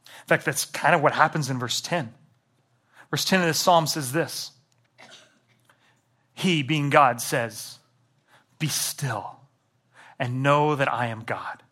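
A man preaching a sermon, swinging between loud, emphatic passages and hushed, almost whispered lines. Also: medium pitch. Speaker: pastor.

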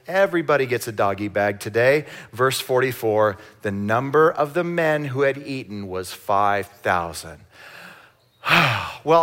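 A man preaching a sermon, reading scripture slowly and acting out the disciples' voices in lively asides, having the congregation repeat lines. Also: mid-range voice. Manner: animated, acts out voices in Bible stories. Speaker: pastor.

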